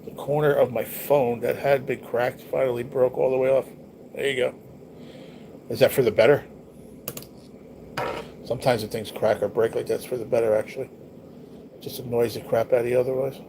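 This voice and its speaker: A man's voice: mid-range voice, level tone, moderate pace, gravelly, long pauses. Blunt, cursing man on a noisy stream. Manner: blunt, profane, rambling talk to viewers. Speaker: livestream host. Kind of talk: casual livestream chat. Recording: noticeable background noise.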